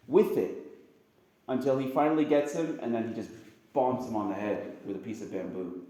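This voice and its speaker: Priest rambling thru a homily, chatty and jokey, mid pitch, big echoey room. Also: male voice, normal speed. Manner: chatty and animated, bursts into high-pitched sound effects and jokes with the audience. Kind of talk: casual spoken homily.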